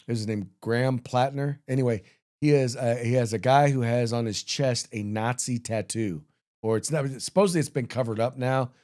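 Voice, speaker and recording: A man hosts a political commentary show in a forceful, opinionated way. His voice sits at an ordinary middle pitch for a man. He reads headlines aloud and follows them with blunt asides. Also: moderate pace. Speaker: podcast host.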